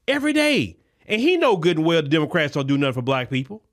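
Impassioned high-voiced man ranting. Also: very animated, quick pace. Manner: impassioned, repetitive, preacher-like cadence. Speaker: podcast host. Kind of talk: political commentary monologue. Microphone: podcast microphone.

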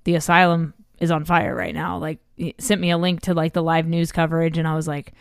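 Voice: medium pitch, little pitch movement, fairly quick, gravelly, smooth, dry recording, clean studio sound. A podcast host interviewing a guest in a laid-back, encouraging way. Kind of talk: casual interview chat.

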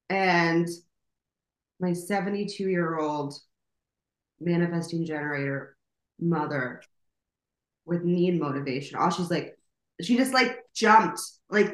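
Woman, low voice, casual rambling podcast chat, swears a lot, roomy echo. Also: fairly bright tone. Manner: rambling, swears freely, many fillers. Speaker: podcast co-host.

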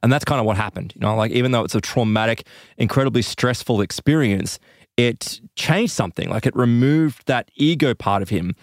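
Man, animated casual storyteller, middle pitch, dry close sound, acts out voices. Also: brisk, no room sound. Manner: animated, acts out quoted voices, laughs often. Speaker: podcast co-host telling a story.

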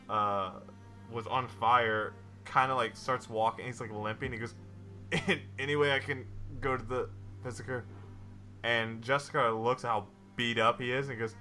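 Man, game master narrating a tabletop game, loose casual delivery, bright forceful voice, faint music behind. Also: lowish voice. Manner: loose, filler-heavy narration.

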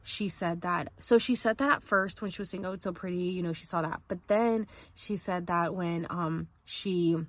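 A woman's voice: on the low side, moderate pace, few pauses. A young woman casually telling a personal story on a podcast, chatty, filling her speech with "like" and acting out the quotes. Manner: chatty, heavy use of "like", acts out quotes. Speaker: podcast host.

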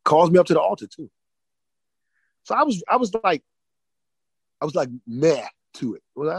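A man on a podcast telling an emotional personal testimony, often restarting and repeating words, swinging between loud and hushed. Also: fairly high pitch, sing-song, normal speed, gravelly, long pauses, husky, no echo, low-quality recording. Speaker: podcast guest.

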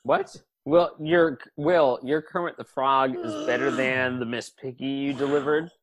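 A man's voice: mid-range voice, unhurried, dry recording. A man co-hosting a comedy podcast, teasing and sarcastic in casual banter. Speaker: podcast co-host.

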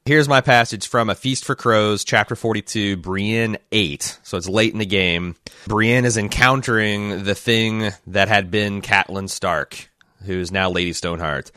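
A man's voice: fairly low pitch, unhurried, bright, forceful tone, no room sound, clean studio sound. A man hosting a podcast, talking casually in long, rambling turns with frequent restarts. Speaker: podcast host. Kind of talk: casual discussion and read-aloud.

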